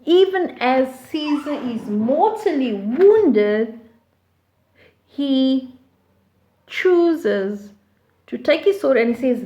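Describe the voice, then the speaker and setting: A woman teaching literature, explaining a play slowly and deliberately with frequent fillers and restarts, in a roomy recording. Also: sits high, animated, dark tone, highs cut off. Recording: roomy echo.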